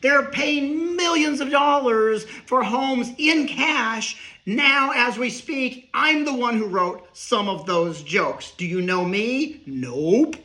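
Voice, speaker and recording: A middle-aged man doing a rambling comedic monologue, riffing with quick asides. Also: very high-pitched, animated, bright, forceful tone. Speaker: comedian and speaker.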